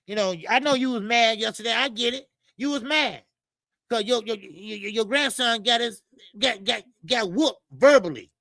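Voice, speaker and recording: A man hosting a live boxing talk stream, ranting in a profane, animated way and often repeating himself. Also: very high voice, vocal fry, dry recording. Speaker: boxing show host.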